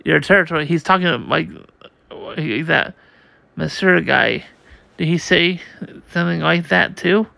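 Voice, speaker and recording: A man reads a comic aloud in a bright, very gravelly voice. He goes slowly and stumbles, restarting words, and the sound is dry and close. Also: a little high, dry recording. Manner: halting, slow reading with many restarts. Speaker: comic reader.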